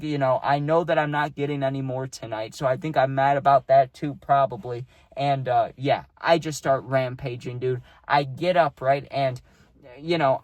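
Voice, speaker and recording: A man's voice: medium pitch, no room sound. A young man telling a personal story in a loose, profane, rambling way, full of fillers, recorded close to the mic. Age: young adult. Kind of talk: casual storytelling.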